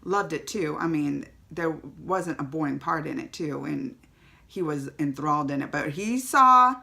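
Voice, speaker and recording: Chatty woman with a bright voice. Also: deep voice, expressive, unhurried, vocal fry. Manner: chatty and emotional, tearing up then laughing. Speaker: movie reviewer. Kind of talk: casual vlog movie review.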